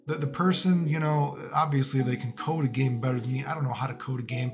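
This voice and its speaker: A man's voice: mid-range voice, fairly even intonation, fast, over music. A man giving casual, profane, rambling commentary as a fighting game streamer. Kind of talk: ranting commentary.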